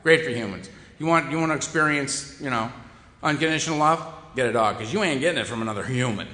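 A man's voice: medium pitch, fast, sharp tone. A man giving a humorous recovery talk, wry and self-deprecating, to a meeting hall. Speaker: recovery speaker. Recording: echoey hall with long reverb.

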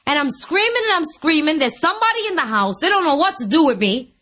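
A woman's voice: sits high, animated, quick pace, bright, forceful tone. A woman sharing her recovery story before an audience, candid and wry, often laughing at herself. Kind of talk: personal testimony before an audience.

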